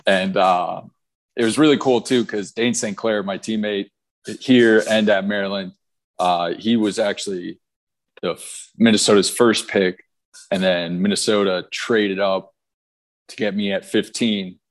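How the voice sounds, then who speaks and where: A man's voice: fairly low pitch, a little slow. A young man in his twenties, a pro soccer player, telling his story in a casual interview with lots of fillers. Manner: relaxed storytelling with fillers and repeats.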